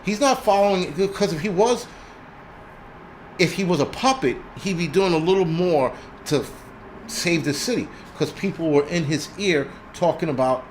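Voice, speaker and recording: A man's voice: on the high side, expressive, normal speed, a little hiss or hum. A man hosting a live stream, delivering an angry, profane rant full of mocking impressions. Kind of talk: profane ranting monologue.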